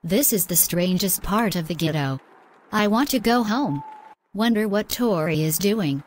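A woman's voice: medium pitch, lively intonation, a little slow, slight background noise, close to an everyday voice. A woman voicing a defiant female overseer of a crusade in an audio drama, speaking in solemn, declamatory vows. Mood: uneasy.

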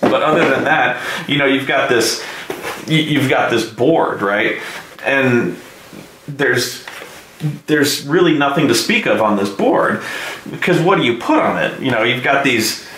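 Host: young man, slow casual delivery, cursing, roomy echo with faint hiss. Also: medium pitch. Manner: animated, swears a lot, shouts in excitement. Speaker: show host reviewing a game. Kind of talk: casual profane rant.

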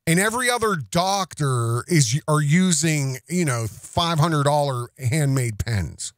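A man's voice: on the high side, animated, a little slow, no room sound, studio quality. A man hosting a podcast, delivering accusatory commentary in an emphatic way, repeating himself and restarting phrases. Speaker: podcast host.

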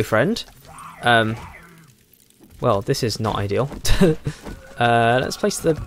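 A man giving casual let's play commentary, thinking aloud and chuckling, with a hoarse voice and a frog in his throat. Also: mid-range voice. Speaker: game streamer.

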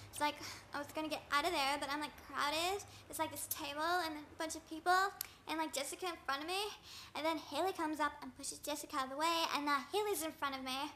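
A woman's voice: high-pitched, sharp tone, a little hiss or hum. A young woman telling a gossipy comic rant in valley-girl talk, saying "like" and "oh my god" constantly. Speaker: vlogger.

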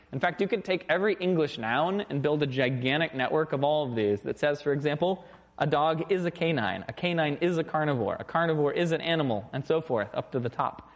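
A man giving an informal recorded programming lecture. He is lively and often checks in with "okay?" and "right?". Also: a little high, brisk. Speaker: university lecturer.

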